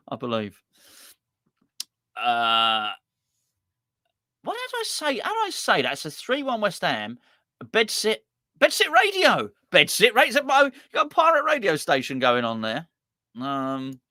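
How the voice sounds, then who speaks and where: A man's voice: a little high, dry recording, studio quality. A man hosting a live fan show, chatting and joking as he reads out viewer predictions. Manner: chatty, jokey, lively, reading out names. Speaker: host of a fan channel.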